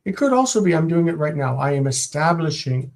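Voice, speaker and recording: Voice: mid-range voice, very animated, brisk, darkish tone. A teacher giving a live-streamed Biblical Hebrew grammar lesson, sounding out Hebrew words and translating them, thinking aloud and repeating words while explaining.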